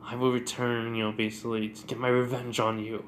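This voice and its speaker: A man's voice: mid-range voice, little pitch movement, a little fast, a little hiss or hum, lightly acted. A man voicing a haughty young sorceress girl with a snippy way of talking.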